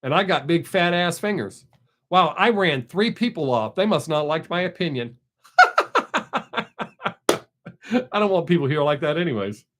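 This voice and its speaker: A man's voice: fairly high pitch, sing-song, measured pace, long pauses, a bit bright. A man hosting a casual live stream, answering viewer comments in a blunt, opinionated way.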